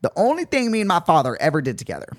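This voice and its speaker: A young man hosting a podcast in casual chat, animated and dramatic with exaggerated outbursts. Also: high-pitched, very fast, no echo, clean studio sound. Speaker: podcast host. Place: Venice, California.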